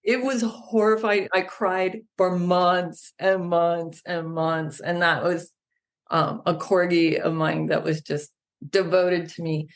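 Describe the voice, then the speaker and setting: A woman animal naturopath, a podcast guest, who tells stories in a lively way and acts out the people she quotes. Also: fairly low pitch, takes it slowly. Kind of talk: casual podcast conversation.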